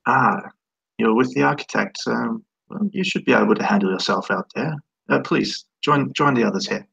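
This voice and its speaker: A man voicing an older jarl who is a war leader, giving brisk orders in a halting way. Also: medium pitch, lively intonation, gravelly, a bit bright, breathy edge, muffled recording, exaggerated voice. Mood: courteous.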